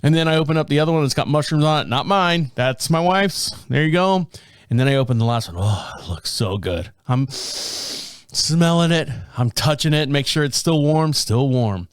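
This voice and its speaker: A middle-aged man hosts a podcast from his home studio, rambling through a casual solo rant of exasperated stories full of profanity. His voice is fairly high, a little fast and smooth, with a dry, close, echo-free sound.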